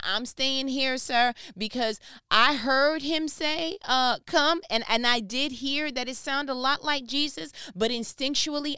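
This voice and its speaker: A woman leads a casual devotional Bible talk, retelling scripture in lively, slangy storytelling and acting out the people in it. Her voice sits on the higher side and comes across smooth and clear. The sound is close and dry, with no room echo. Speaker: Bible teacher.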